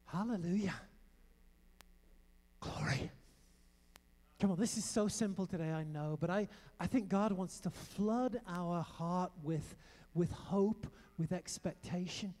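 A middle-aged man preaching a sermon, telling stories in an animated way with emphatic bursts. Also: high-pitched, slow pace, long pauses. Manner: animated storytelling with emphatic outbursts. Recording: long reverb of a large hall.

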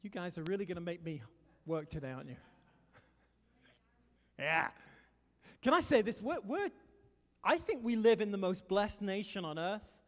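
A man from England with a Liverpool accent, preaching a sermon in a lively, chatty way with jokes to the congregation. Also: high voice, a little slow, pauses often, big-room sound. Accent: Liverpool English. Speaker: pastor.

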